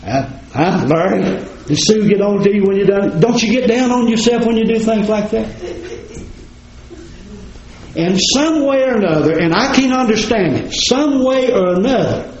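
A man's voice: high-pitched, animated, normal speed, a little mellow. A man preaching a sermon in a folksy, plain-spoken way, talking straight to his congregation. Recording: roomy, slightly dull recording.

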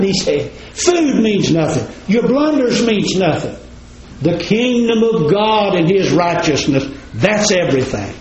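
A man's voice: high voice, slight background noise. A man preaching a sermon in a folksy, plain-spoken way, talking straight to his congregation. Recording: roomy, slightly dull recording.

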